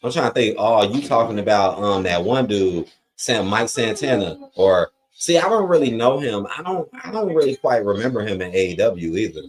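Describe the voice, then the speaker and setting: A man's voice: lowish voice, sing-song, moderate pace. A man hosting a live watch-along stream, reading chat comments aloud and giving blunt, profane opinions in a loose, rambling way. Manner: loose, rambling with frequent fillers.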